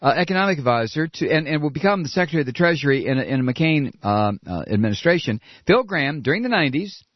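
A man's voice: on the high side, animated, fast talker, few pauses, dry recording. A man delivering an angry political rant, profane and sarcastic, with mocking asides. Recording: dull lo-fi recording.

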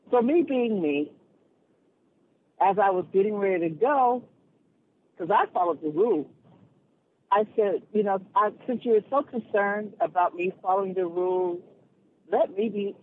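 High-voiced male caller on a tinny phone line. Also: a little hiss or hum. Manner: animated, indignant, quick retorts. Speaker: radio call-in caller. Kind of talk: casual storytelling on a call-in show.

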